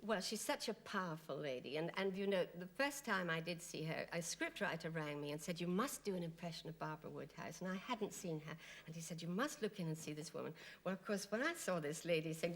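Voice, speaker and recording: A woman guest on a TV chat show, telling animated anecdotes and laughing often. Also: on the low side, fairly quick, few pauses, a faint crowd, slight background noise. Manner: giggly, animated storytelling with frequent laughs. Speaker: guest impressionist. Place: TV studio.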